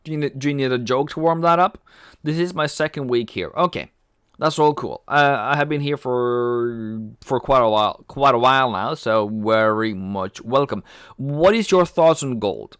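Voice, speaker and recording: A man's voice: mid-range voice, moderate pace, a bit bright, clean tone, no room sound, studio quality. A man hosting a casual trading livestream, chatty, reading viewer comments aloud and cracking jokes. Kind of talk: casual live-stream chat.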